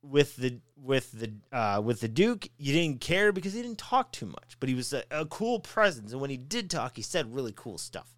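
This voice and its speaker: A man's voice: medium pitch, moderate pace, few pauses, dry recording, studio quality. A man co-hosting a podcast, ranting with lots of swearing in casual chat. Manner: profane, ranting, animated. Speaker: podcast co-host.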